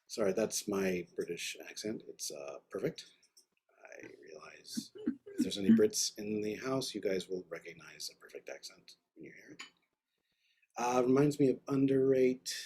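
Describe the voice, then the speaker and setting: A man's voice: fairly low pitch, darkish tone, breathy edge. A man teaching an online art class, giving enthusiastic, rambling, slangy feedback over a video call. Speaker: art instructor.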